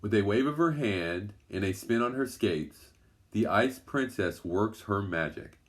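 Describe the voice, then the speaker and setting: A man reading a children's adventure story aloud in a gentle, even storytelling manner. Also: fairly low pitch, unhurried. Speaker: storybook narrator.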